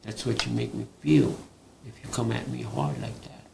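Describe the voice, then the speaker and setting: An older man, a guest elder and artist telling stories in a live panel conversation, animated and laughing between points. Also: mid-range voice, normal speed, creaky, slight background noise. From Hawaii.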